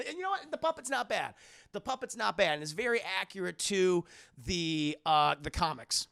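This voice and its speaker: A man's voice: high-pitched, lively intonation, a little fast, vocal fry, sharp tone. A man streaming a casual film recap, talking in a profane, rambling way.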